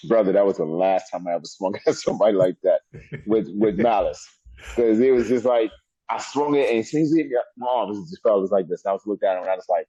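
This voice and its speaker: Deep husky man telling stories. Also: fast talker, dry recording. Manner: animated storyteller, laughs often. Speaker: wrestler guest. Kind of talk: storytelling interview. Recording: dull lo-fi sound.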